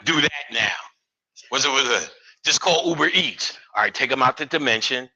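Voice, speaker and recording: A man's voice: mid-range voice, moderate pace, a crowd in the background, poor audio. A man giving a live lecture, profane and streetwise, full of joking asides.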